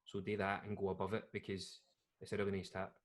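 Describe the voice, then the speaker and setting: A man's voice: sits low, completely flat delivery, fast talker, background noise. A young Scottish man co-hosting a podcast in casual chat, rambling and laughing as he talks. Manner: rambling, restarts and trails off, laughs often. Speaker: podcast co-host.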